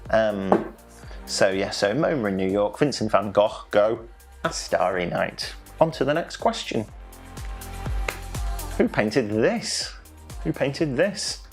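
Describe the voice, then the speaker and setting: A man's voice: lowish voice, vocal fry. A young man hosting an online quiz from home, playful and jokey, stumbling over foreign names. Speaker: quiz host.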